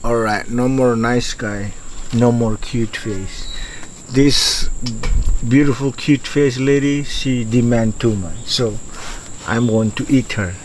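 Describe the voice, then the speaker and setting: A man voicing a shape-shifting lizard man who eats young women, speaking low and slow in simple broken English. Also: slight background noise, natural voice, low-quality recording. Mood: menacing.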